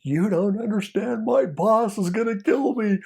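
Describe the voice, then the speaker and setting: Brief: gravelly-voiced man doing a desperate undercover man in tears, pitched high, frantic. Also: a little slow, a little mellow, exaggerated voice. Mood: sobbing, pleading. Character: panicked crying undercover man, adult.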